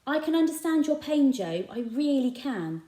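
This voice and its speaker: A woman voicing a kindly, eccentric adult male shopkeeper with a gentle, earnest manner. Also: high-pitched, big pitch swings, normal speed, pitched above the performer's own voice. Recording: echoey room.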